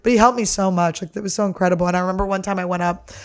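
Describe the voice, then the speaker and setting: A woman comedian hosts a podcast in a medium-pitched, clean voice, talking rapid-fire. She tells stories casually and animatedly, swearing freely and laughing all the way through them.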